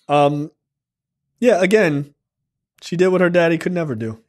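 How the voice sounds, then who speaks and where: A man with a slightly high voice rambles through a film recap in loose, profane podcast talk. He keeps slipping into the characters' lines to act them out. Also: takes it slowly, a little mellow. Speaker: film review podcast host. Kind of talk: casual movie recap with profanity.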